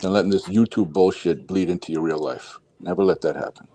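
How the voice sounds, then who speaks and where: A man's voice: sits low, fairly even intonation, a little fast, mellow. A man in casual chat, blunt and profane, giving advice.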